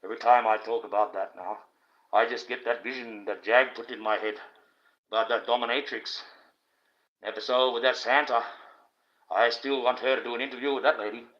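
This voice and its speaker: Brisk and fairly even in intonation, a mid-range male voice belongs to an Australian livestream host in the middle of an indignant monologue. His rant is blunt and full of profanity, heard through dull, low-fidelity stream audio.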